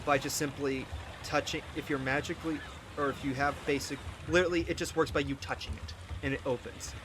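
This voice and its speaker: A man's voice: on the high side, fairly even intonation, brisk, background noise. A man narrating as game master of a tabletop game, describing scenes in a descriptive, somewhat hesitant way.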